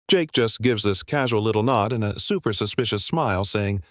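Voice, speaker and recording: A man's voice: lowish voice, expressive, moderate pace, hardly any pauses, a bit bright, dry recording, studio quality. A man narrating a scripted story recap in a breathless, gossipy style full of slang.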